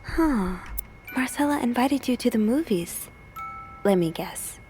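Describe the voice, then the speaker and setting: Whispering young investigator. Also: female voice, a little high, lively intonation, unhurried. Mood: hushed. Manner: hushed, wry, muttering to herself. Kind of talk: whispered role-play. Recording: game audio with music behind.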